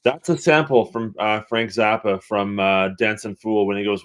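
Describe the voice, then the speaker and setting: A man appears as a guest on a music podcast, chatty and keen to share what he knows. His voice sits a little low, and his talk is loose and casual. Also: steady tone, normal speed. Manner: chatty, eager to share knowledge. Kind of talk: casual chat.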